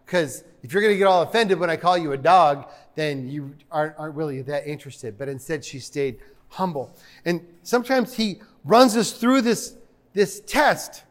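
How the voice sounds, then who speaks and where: Male pastor, light high voice, chatty sermon delivery with humorous asides. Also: animated, moderate pace. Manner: conversational, joking asides to the congregation.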